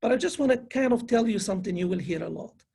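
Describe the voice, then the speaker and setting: Husky gravelly-voiced male finance professor. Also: high voice, lively intonation, quick pace, darkish tone. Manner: earnest lecturing with frequent restarts. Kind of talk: conference presentation. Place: online conference.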